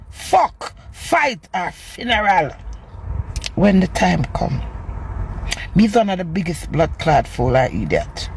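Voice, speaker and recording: A middle-aged woman speaking in Jamaican Patois, telling a personal story in a casual monologue. She is animated and swings between loud outbursts and low murmurs. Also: a little slow, a little hiss or hum. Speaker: social media personality.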